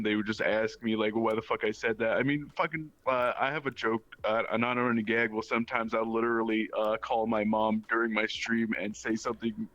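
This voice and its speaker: A young man guest chatting casually, rambling with many pauses and restarts. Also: fairly low pitch, fairly bright tone, dry recording, muffled recording. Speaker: guest streamer. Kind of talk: casual chat.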